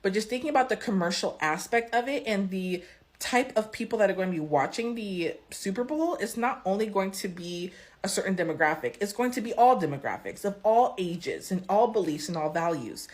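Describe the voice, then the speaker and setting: A woman's voice: mid-range voice, expressive, a little fast. A woman talking casually to her viewers, giving her opinion and asking them questions. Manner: conversational, asks viewers questions. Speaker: commentator.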